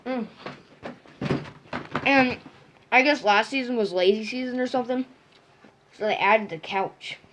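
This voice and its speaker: A woman's voice: fairly high pitch, measured pace, pauses often, fairly bright tone, a little hiss or hum. A woman in casual gaming chat, rambling with restarts.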